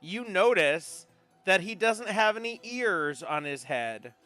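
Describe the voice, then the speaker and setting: A man's voice: sits high, expressive, takes it slowly, sharp tone, soft background music. A man running a tabletop role-playing game as game master, describing scenes to the players.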